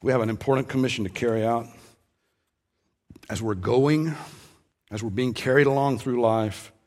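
A man's voice: medium pitch, normal speed. Man preaching a conversational sermon. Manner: conversational preaching with emphatic rises, ending in soft prayer. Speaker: pastor.

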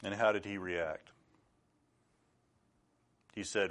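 A middle-aged man delivers a sermon, his voice sitting low. He speaks earnestly and with measure, then breaks into sudden loud outbursts. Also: measured pace, long pauses. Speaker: preacher.

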